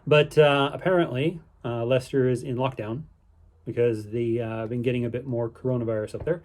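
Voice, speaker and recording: A man's voice: mid-range voice, steady tone, fairly quick, a little mellow. A man giving a casual, rambling spoken recap of his day, easygoing and upbeat, with lots of fillers and restarts. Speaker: vlogger on a canal boating holiday.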